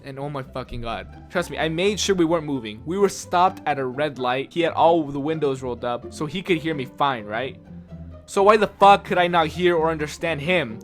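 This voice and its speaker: Guy ranting thru a story time, swears a lot, kinda high voice, soft music behind. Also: a little fast. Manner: exasperated, profane ranting. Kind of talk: casual spoken storytelling.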